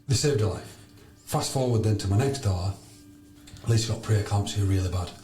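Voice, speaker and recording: A man, a podcast guest telling stories loudly and bluntly, swearing freely. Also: fairly low pitch, a little fast, soft background music. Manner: loud, blunt, emphatic. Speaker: podcast guest, charity founder. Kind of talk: animated storytelling with swearing. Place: sauna. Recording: roomy echo.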